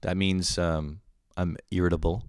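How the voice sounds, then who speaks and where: In clean studio sound with no room echo, a young man delivers a profane, comedic podcast rant, grumpy and self-deprecating. He keeps a level tone at a slightly slow pace, though he breaks into loud bursts before sinking back to mutters.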